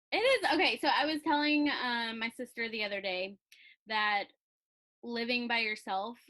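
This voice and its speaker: Bright, chatty young woman. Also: mid-range voice, low-quality recording. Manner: chatty, laughing, lots of "like". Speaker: calligraphy business owner, interviewee. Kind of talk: casual interview chat.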